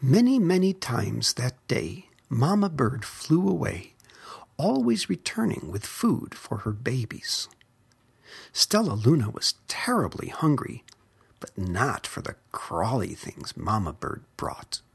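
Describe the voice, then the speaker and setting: Slow breathy whispered story reading. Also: mid-range voice, big pitch swings.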